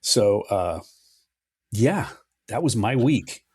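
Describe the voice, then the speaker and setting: A middle-aged man co-hosting a podcast, telling a long story in a relaxed, chatty way and swearing now and then. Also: lowish voice, extremely slow, husky, no echo, studio quality. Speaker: podcast co-host. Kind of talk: casual podcast chat.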